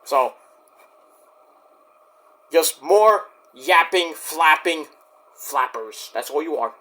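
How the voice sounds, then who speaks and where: A man's voice: fairly high pitch, animated, drawn-out words, pauses often, sharp tone. A man in a vlog ranting straight at his critics, defensive and indignant, swearing and rambling with restarts. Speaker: YouTube wrestling reviewer.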